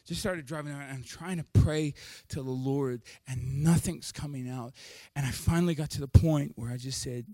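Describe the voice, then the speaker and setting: A male pastor telling a story in his sermon, candid and self-deprecating, tossing in quick jokes. His voice sits in a middle pitch and is recorded close and dry, with little room sound. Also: dark tone, dry recording.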